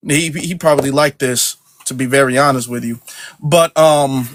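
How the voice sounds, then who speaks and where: A man's voice: medium pitch, moderate pace. Slangy, joking podcast host man. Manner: joking, animated and repetitive. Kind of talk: casual live-stream chat.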